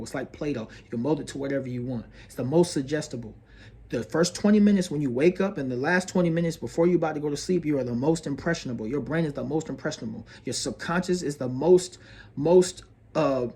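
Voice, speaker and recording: Guy giving a preachy astrology pep talk, bit higher voice, keeps saying bro and sis. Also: darkish tone. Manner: earnest, preachy, repeats phrases, calls listener bro and sis. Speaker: astrology video host. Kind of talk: motivational astrology monologue.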